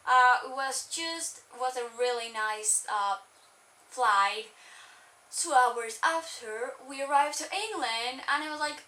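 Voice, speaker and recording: Bright high-voiced young woman vlogger. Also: slow, a little hiss or hum. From Spain. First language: Spanish. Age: young adult. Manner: chatty, rambling, full of "like". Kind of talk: casual storytelling. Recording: roomy and distant from the mic.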